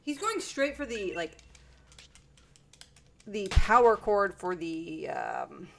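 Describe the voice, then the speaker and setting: A woman streaming, chatting casually with her viewers and breaking off to yell at her cat. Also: mid-range voice, sing-song, takes it slowly. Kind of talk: casual live-stream chat. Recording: distant mic with noise.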